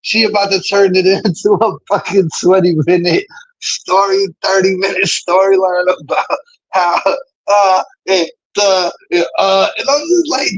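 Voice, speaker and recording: A man with a husky, raised voice talks to his stream audience. He rambles in an animated way and swears freely. The sound is dry and close. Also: high voice, unhurried, no room sound, dull audio. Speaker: live streamer. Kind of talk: casual chat to a live stream audience.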